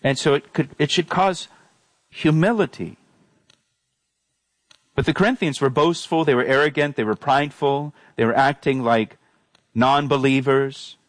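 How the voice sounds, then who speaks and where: A man's voice: medium pitch, measured pace, pauses often, dry recording. A man, a pastor preaching an earnest sermon and repeating phrases for emphasis.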